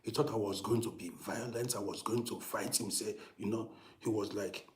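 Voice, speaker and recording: A man's voice: lowish voice, normal speed, echoey room. Middle-aged man telling a story, whispers to outbursts. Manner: animated, swings from hushed whispers to loud emphatic outbursts; repeats and restarts phrases. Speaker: storytelling channel host. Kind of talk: casual storytelling monologue.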